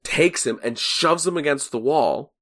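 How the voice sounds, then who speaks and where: This man co-hosts a podcast, chatting casually while analysing a series and occasionally acting out characters' lines. His voice sits on the high side, with an expressive, unhurried delivery and a fairly bright tone.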